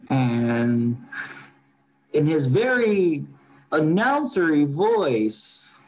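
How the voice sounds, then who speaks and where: A man's voice: medium pitch, unhurried, poor audio. A man co-hosting a podcast, chatting casually about baseball in a rambling, filler-heavy way. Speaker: podcast co-host. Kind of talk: casual sports chat.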